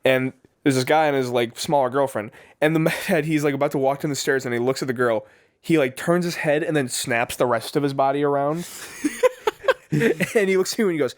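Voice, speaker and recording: A man's voice: fairly high pitch, normal speed, dry recording, clean studio sound. A man in his twenties co-hosting a podcast, telling a long story in casual chat, laughing often, swearing and acting out the people he quotes. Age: 20s. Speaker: podcast co-host.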